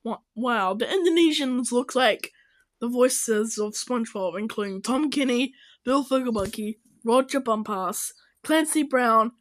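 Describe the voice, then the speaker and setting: A woman reacting to videos in casual commentary, excitable and exclaiming at the screen. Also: on the high side, a little slow, poor audio. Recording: loud background noise.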